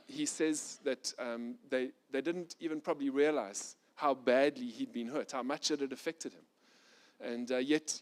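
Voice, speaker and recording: A middle-aged male pastor preaching a sermon, swinging from loud, urgent passages to soft, quiet ones. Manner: animated preacher, rising loud and fast when intense, dropping soft and low.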